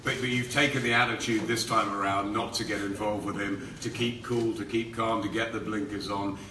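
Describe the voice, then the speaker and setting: Press conference host asking hyped questions. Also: male voice, fairly low pitch, steady tone, brisk, pushed and bright. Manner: leading questions, builds up the fighters. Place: hotel conference room. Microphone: room mic, heard from a distance. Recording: echoey room, distant mic, faint noise.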